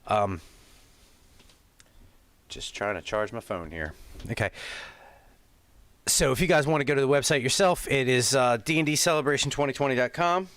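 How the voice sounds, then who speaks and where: A man's voice: medium pitch, lively intonation, normal speed, pauses often, a bit bright, clean tone, no echo. Man rambling through a casual stream. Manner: rambling, with many fillers and apologies. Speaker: streamer commenting on a live event.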